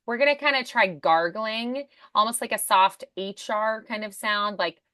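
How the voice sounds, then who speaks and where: A woman's voice: medium pitch, bright, forceful tone, no echo, studio quality. A woman voice acting coach, explaining sounds and demonstrating them in a lesson. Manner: demonstrative, coaching with sound examples and quick prompts.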